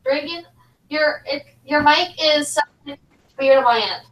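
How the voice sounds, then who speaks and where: A woman's voice: sits high, measured pace, fairly bright tone, reverberant, far from the mic, poor audio. A woman co-host in a casual online chat, giving short replies.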